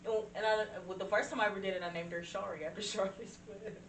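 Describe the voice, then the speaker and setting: A woman's voice: medium pitch, steady tone, fast talker. A woman co-hosting a podcast, chatting casually, profane and laughing a lot as she tells stories. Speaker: podcast co-host. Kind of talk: casual chat. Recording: echoey room, distant mic, noisy.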